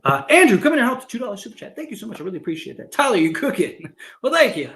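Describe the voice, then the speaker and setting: A man hosting a casual livestream, ranting with lots of filler words and quick asides. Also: sits high. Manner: animated, filler-heavy, rapid asides. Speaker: sports fan livestream host. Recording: echoey room sound.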